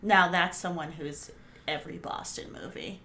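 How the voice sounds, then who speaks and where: A woman's voice: on the low side, steady tone, moderate pace, fairly bright tone, a little hiss or hum. A woman co-hosting a podcast, chatting casually and swearing now and then in playful banter. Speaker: podcast co-host. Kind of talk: casual chat.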